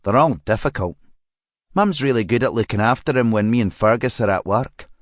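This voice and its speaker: A man's voice: on the low side, lively intonation, a little fast, dry recording, clean studio sound, close to an everyday voice. A man reading a matter-of-fact young mother.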